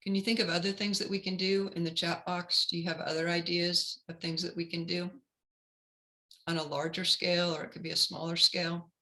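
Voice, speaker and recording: Brief: woman career counselor, very bright tone, steady teaching delivery for a webinar. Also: on the low side, fairly quick, rough recording. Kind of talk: webinar talk.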